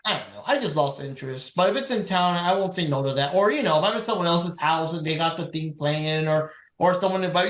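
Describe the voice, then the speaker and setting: A man co-hosting a podcast in casual chat, his voice quite high for a man. He rambles in a laid-back way and keeps restarting his sentences. The recording sounds roomy and echoey. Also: fast, few pauses, fairly bright tone. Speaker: podcast co-host.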